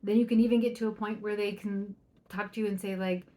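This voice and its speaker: Fast and steady in tone, a medium-pitched middle-aged woman hosts a parenting podcast as a coach. Her advice is chatty and upbeat, peppered with "right?" and softly acted-out quotes.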